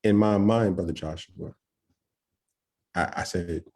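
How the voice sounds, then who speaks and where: Husky-voiced man telling a tense story. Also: sits low, moderate pace, long pauses. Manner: excited, acts out quoted voices, frequent "right?". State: nervous, shaking. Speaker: podcast guest. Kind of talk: storytelling testimony.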